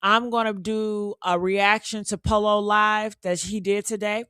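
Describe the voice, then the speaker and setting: A woman with a hoarse voice hosting a casual live stream, talking straight to her viewers. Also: mid-range voice, level tone, a little slow, a bit bright, no echo, studio quality. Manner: chatty, addresses viewers directly.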